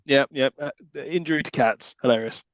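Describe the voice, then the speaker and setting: A man's voice: mid-range voice, fairly quick, no echo. A man co-hosting a podcast, making dry, sarcastic jokes about a film. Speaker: podcast co-host. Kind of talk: casual film review chat.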